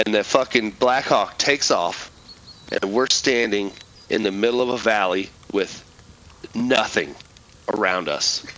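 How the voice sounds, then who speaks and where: A middle-aged man with a lowish, forceful voice tells a war story in loose, profane talk. He rambles and restarts as he goes, and a faint noise sits under him. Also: rough recording. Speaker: podcast guest, military veteran. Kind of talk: casual storytelling.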